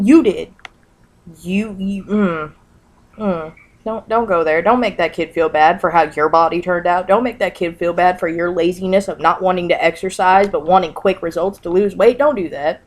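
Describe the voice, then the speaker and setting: A woman's voice: fairly low pitch, normal speed. A woman ranting on her vlog, blunt and emphatic, swearing and repeating herself, recorded at home on a camera mic. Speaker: vlogger. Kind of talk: angry vlog rant.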